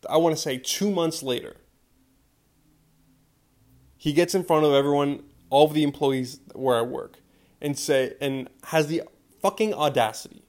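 A man's voice: a little high, a little mellow. A man in his twenties hosting a podcast, ranting with emphatic, profane repetition. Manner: profane, repeating a refrain, emphatic. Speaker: podcast host. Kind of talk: fired-up podcast rant.

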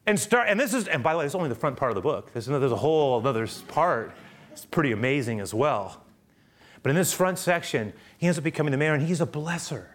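A pastor preaching, telling a story with passion. His voice sits at a middle pitch, then rises loud and high when he gets excited and drops soft again. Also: fast talker. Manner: impassioned storyteller, swings from hushed to loud and high. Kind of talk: sermon.

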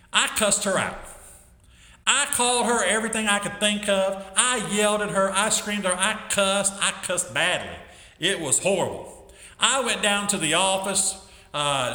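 Middle-aged male teacher testifying, emphatic storyteller, bright slightly high voice, long hall reverb. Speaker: school teacher giving a testimony.

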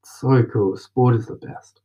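A man's voice: mid-range voice, steady tone, a little slow. A young Australian man rambling in a casual late-night monologue, slangy and loose, drifting into whispers now and then. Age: young adult. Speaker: vlogger journaling. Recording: dull lo-fi mic.

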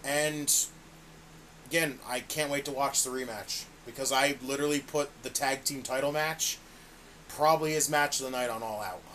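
A man's voice: mid-range voice, steady tone, normal speed, sharp tone, slight background noise. A man co-hosting a casual podcast, ranting with exasperation and constant swearing. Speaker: podcast co-host reviewing wrestling. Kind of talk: casual profane chat.

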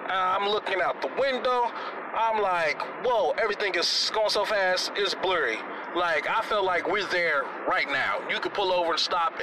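A man telling a comic story in an animated, exaggerated, slangy way, with music playing underneath. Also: high-pitched, background noise.

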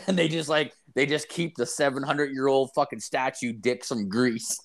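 A man's voice: mid-range voice, moderate pace. A man telling a story in casual chat, rambling and profane, full of "like" and "dude", acting out the lines he quotes. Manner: animated, acts out quoted lines.

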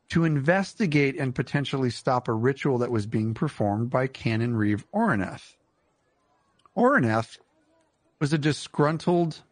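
A man's voice: medium pitch, dry recording. A man co-hosting a casual comedy podcast, joking and teasing his co-host as he talks.

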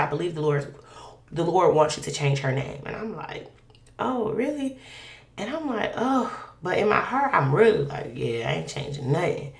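A young woman tells her own story in an easy, conversational way. Her voice sits low with a gravelly edge, and she lifts it up high to play the people in her story. The recording carries a noticeable room echo. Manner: animated, acts out quoted dialogue in a raised voice. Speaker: guest sharing a testimony. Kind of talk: casual personal storytelling. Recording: echoey room.

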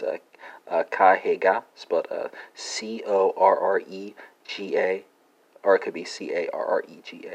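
A man's voice: sits low, low-quality recording. A man hosting a language lesson podcast, talking hesitantly with many fillers and spelling words out letter by letter.

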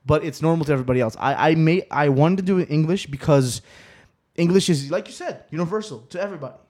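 A man from Aruba hosting a podcast in casual chat, rambling with many restarts and quick laughs. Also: on the high side, darkish tone. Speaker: podcast host.

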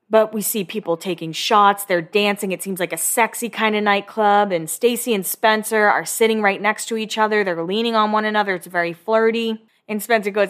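A woman's voice: mid-range voice, a bit bright. A young woman recapping a reality show in a chatty, gossipy way, acting out the quotes in other voices. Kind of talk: casual chat.

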